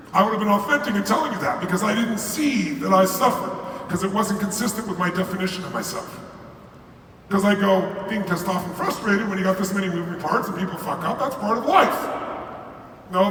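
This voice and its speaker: Older man, high bright voice, profane stage keynote that quizzes the crowd, echoing through a big hall. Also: a little hiss or hum. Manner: emphatic, profane, quizzes the audience. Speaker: motivational speaker. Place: large arena. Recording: echoey arena sound from far off.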